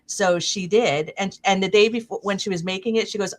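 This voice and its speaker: A woman's voice: medium pitch, fairly quick. Middle-aged woman telling a rambling story. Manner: rambling anecdote with animated quoted voices. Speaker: stream host. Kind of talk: casual storytelling chat.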